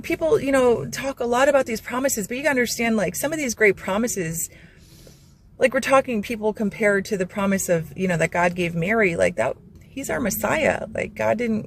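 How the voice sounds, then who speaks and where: A woman's voice: mid-range voice, normal speed, a little hiss or hum. A woman hosting a Christian channel, giving an earnest, rambling devotional talk full of fillers and restarts. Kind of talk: informal devotional talk to camera.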